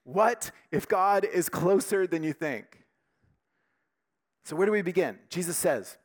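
A man preaching a sermon with emphatic, animated delivery, dropping to quiet, intimate tones between louder passages. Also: fairly high pitch, normal speed. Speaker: pastor.

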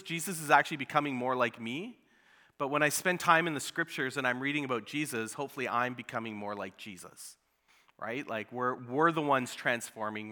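A man's voice: mid-range voice, bright, forceful tone. A man giving a sermon as a pastor, speaking casually and conversationally with many fillers. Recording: long hall reverb.

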